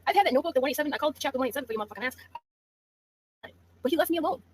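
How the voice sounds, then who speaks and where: A woman's voice: high-pitched, lively intonation, rapid-fire, slight background noise. A woman hosting a gossip livestream, talking casually and mockingly with laughs. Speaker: livestream host.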